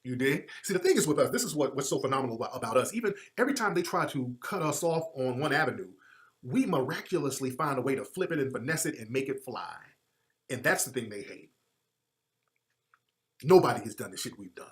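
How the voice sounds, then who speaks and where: A male commentator giving an impassioned monologue, with emphatic preacherly repetition, moving from loud outbursts to low muttering. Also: animated, fairly quick.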